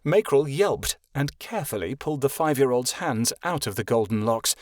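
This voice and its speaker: A man narrating a young-adult fantasy audiobook in a steady storytelling manner, giving each character its own voice. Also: medium pitch, moderate pace, no echo, clean studio sound. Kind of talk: scripted narration.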